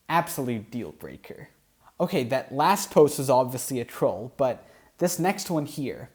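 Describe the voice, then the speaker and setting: A man's voice: medium pitch, very animated, a little slow, darkish tone. A man who comments on the online posts he reads aloud, with dry, sarcastic asides. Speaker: YouTube commentator.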